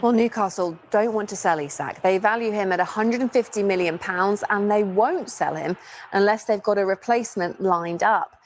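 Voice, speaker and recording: A woman reading a scripted sports news report in a crisp, informative manner. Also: mid-range voice, moderate pace, slight background noise.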